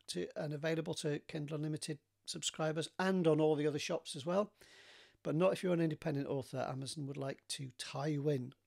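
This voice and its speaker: Male author, casual solo chat, gravelly, hesitant. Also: a little high. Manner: hesitant, many ums and restarts. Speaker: author talking to readers.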